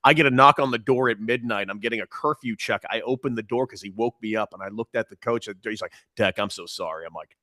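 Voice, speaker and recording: A man co-hosting a talk show, telling a story in a casual, animated way that gets loud and high-pitched as it builds. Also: fast, hardly any pauses, dry recording. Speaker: radio co-host, former baseball player.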